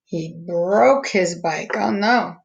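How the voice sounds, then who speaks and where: Slow, patient woman teacher, gravelly voice. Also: lowish voice, highs cut off. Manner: slow, patient, stretching out each word sound. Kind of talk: phonics lesson for young students.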